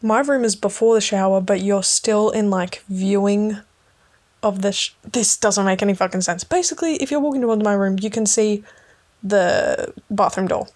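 A woman's voice: medium pitch, normal speed. Giggly rambling woman. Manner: rambling, giggly, swears casually, many fillers; drops to a hushed voice at times. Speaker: podcast host. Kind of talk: casual late-night ramble.

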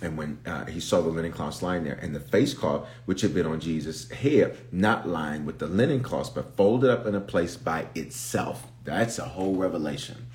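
A man's voice: deep voice, normal speed, hardly any pauses, darkish tone. A man, a bishop, teaching from the Bible in an impromptu live stream, emphatic and repetitive, pleading with listeners to pay attention as he builds in intensity.

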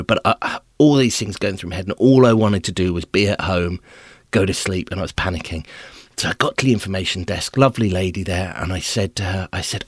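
A male podcast host telling a comic story about himself in an animated, self-deprecating way. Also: low-pitched, brisk, dry recording, clean studio sound.

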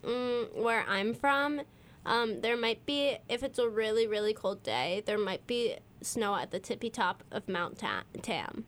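A woman's voice: a little high, measured pace. A young woman from California co-hosting a casual comedy chat, giggly and rambling. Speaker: co-host.

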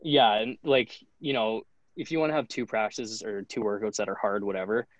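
Guest in his twenties, low-pitched man, dry sound, chatty profane storyteller. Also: fairly even intonation, fairly quick, no echo, poor audio. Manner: loose, profane, heavy use of "like". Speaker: podcast guest, hockey goalie. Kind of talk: casual storytelling.

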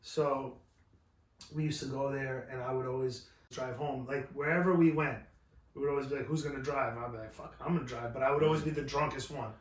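A man's voice: mid-range voice, fairly even intonation. A man co-hosting a podcast, casually recounting stories with loose swearing. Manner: laid-back, profane, quick affirmations. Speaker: podcast co-host. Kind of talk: casual storytelling chat. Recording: roomy, distant mic.

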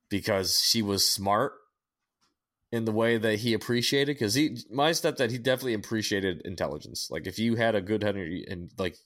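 A young adult man, co-hosting a podcast and telling a story in casual chat, profane and animated with many restarts. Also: lowish voice. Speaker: podcast co-host.

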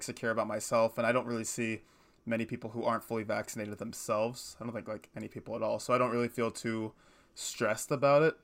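Co-hosting a laid-back podcast chat, this man in his twenties speaks with a fairly low, slightly bright voice. He's a fast, rambling storyteller who keeps correcting himself.

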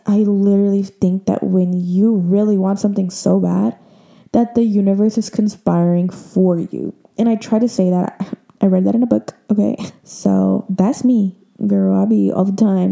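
Emotional young woman with a gravelly voice. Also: medium pitch, mellow. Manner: emotional, chatty, many fillers. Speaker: podcast host. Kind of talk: casual chat.

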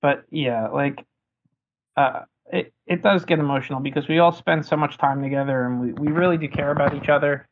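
Relaxed moderator, mid-pitched man, phone-like tinny audio. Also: a little fast. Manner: easygoing, chatty, calls on speakers. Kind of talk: casual chat.

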